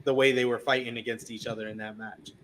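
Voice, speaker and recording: A man's voice: medium pitch, fast talker, a little hiss or hum. A man co-hosting a live stream, breaking down an upcoming card in a casual chatty way and reading out viewer comments. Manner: reads out chat comments, chatty and animated. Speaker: podcast co-host previewing wrestling card.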